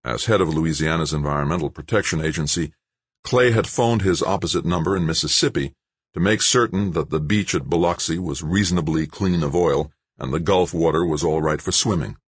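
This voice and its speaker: A man narrating an audiobook in a steady, measured way. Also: very deep voice, breathy edge, no room sound.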